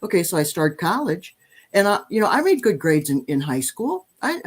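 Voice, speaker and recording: An older woman in her sixties telling personal stories on a podcast, her voice a little low for a woman. She speaks animatedly, pokes fun at herself and trips into frequent restarts. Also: moderate pace, breathy edge. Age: 60s. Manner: animated, self-deprecating, many restarts. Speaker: podcast guest. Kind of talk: storytelling in conversation.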